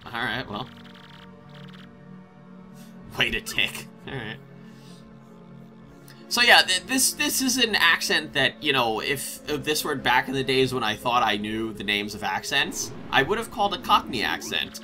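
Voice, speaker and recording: A man hosting a casual let's play, rambling and excitable, often breaking into laughter. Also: medium pitch, normal speed, faint music behind. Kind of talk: casual gameplay commentary.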